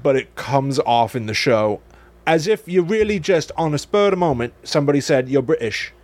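A man's voice: on the high side, expressive, moderate pace, darkish tone, dry recording. A man co-hosting a podcast, reacting with wry disbelief in casual chat. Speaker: podcast co-host.

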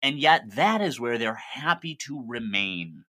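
Animated, bright-voiced man ranting. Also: medium pitch, a little slow. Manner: impassioned, wordy ranting. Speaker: podcast co-host. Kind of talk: casual sports podcast chat.

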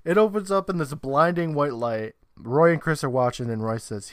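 A man's voice: a little high, no echo. Man recapping a show, dry sound. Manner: retells plot with quick asides and laughs. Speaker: podcast co-host. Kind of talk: casual episode recap.

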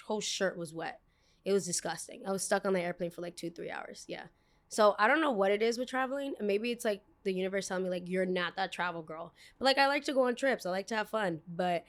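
Rambling, expressive woman podcast host. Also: medium pitch. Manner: rambling, expressive, swears casually. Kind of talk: casual storytelling podcast.

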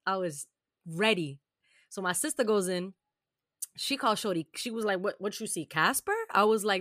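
Woman, blunt, profane, animated storyteller, casual podcast chat, dry sound. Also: mid-range voice, moderate pace, dry recording. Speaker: co-host.

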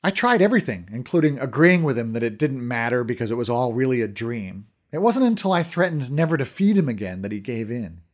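A man's voice: medium pitch, big pitch swings, a little fast, hardly any pauses. A man narrating a story in the first person, reading expressively. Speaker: audiobook narrator.

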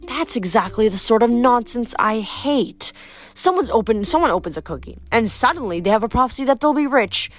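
A woman's voice: a little high, lively intonation, brisk, pitched above the performer's own voice, lightly acted. A woman reading aloud, voicing a scornful, cackling goddess of revenge. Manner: sneering, haughty.

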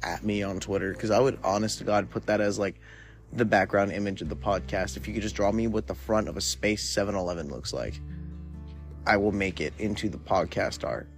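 Laid-back rambling man, low voice. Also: steady tone, fairly quick, faint music behind. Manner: rambling and laid-back, heavy on filler words. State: high from smoking weed. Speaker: podcast host. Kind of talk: casual solo podcast monologue.

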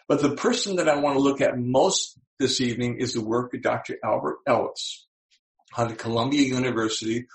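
An older man in his seventies gives a motivational talk with a gravelly voice. He tells stories and slows down to stress his key points. The sound carries a roomy echo. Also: medium pitch. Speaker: speaker.

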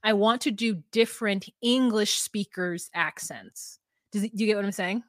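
A woman's voice: medium pitch, moderate pace, dry recording. A woman co-hosting a casual podcast chat, rambling and restarting her sentences with frequent laughs. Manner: rambling, self-interrupting, laughs often. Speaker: podcast co-host.

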